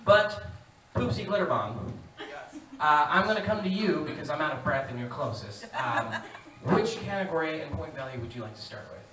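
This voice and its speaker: A man hosting a live game show on stage, an energetic showman who often bursts into shouts. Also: a little high, normal speed. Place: live stage before an audience. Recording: echoey room from far off, loud crowd.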